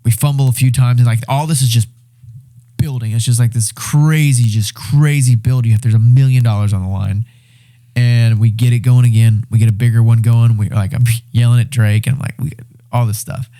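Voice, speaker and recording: A young man speaks as a podcast guest in a mellow, warm voice. His telling is animated, and he leans into a survival story with swearing, restarts and bursts of energy. The talk is casual and conversational. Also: mid-range voice, fairly quick. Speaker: podcast guest, reality show winner.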